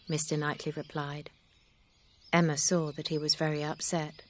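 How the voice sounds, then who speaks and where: Low-voiced woman narrating a classic novel. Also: moderate pace. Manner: calm, even storytelling. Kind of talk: audiobook reading.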